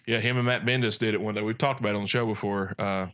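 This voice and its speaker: Guy hosting a chat show, bright voice, rambles a lot. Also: on the low side, fairly even intonation, very fast. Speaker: podcast host. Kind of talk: casual chat.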